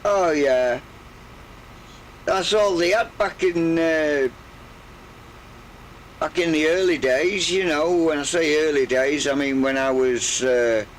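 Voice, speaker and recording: Older male streamer, croaky, unhurried, meandering chat. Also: fairly high pitch, slight background noise, poor audio. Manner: rambling, hesitant, full of pauses. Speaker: game streamer. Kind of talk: relaxed live gameplay chat.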